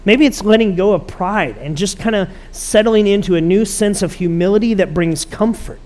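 Man, pastor, emphatic conversational sermon, high voice. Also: normal speed, a little mellow. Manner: conversational, emphatic preaching with rising bursts.

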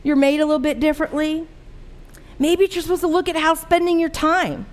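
A woman with a high voice preaches a sermon to her church. She is middle-aged and talks in a candid, conversational way, asking her listeners questions as she goes. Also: flat delivery, a little fast. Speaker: pastor.

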